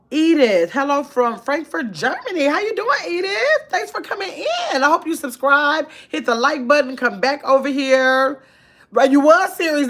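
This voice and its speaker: A woman's voice: high voice, fairly bright tone. A woman from Wisconsin hosting a casual livestream, chatting loosely and greeting viewers by name as she reads their comments. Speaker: livestream host.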